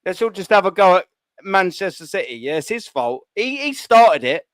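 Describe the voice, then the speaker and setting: A man's voice: sits high, big pitch swings, moderate pace, no room sound. A man hosting a live fan chat, joking, laughing and swearing a lot. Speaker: live stream host.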